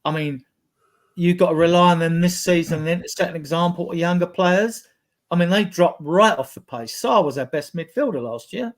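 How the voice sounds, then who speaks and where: A man giving blunt, animated opinions as a fan pundit in a casual football chat, piling up one example after another. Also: high voice, moderate pace.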